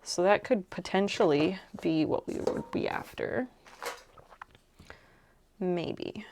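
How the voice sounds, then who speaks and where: A young adult woman streaming while she crafts, chatting casually and rambling softly as she thinks aloud. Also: lowish voice, slow, vocal fry, a little hiss or hum.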